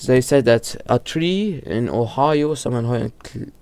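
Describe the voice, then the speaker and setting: A man's voice: medium pitch, lively intonation, normal speed, darkish tone, clear, resonant tone, no room sound. A man casually explaining horror lore, often stumbling, restarting and correcting himself, with lots of fillers. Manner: informal, filler-heavy delivery.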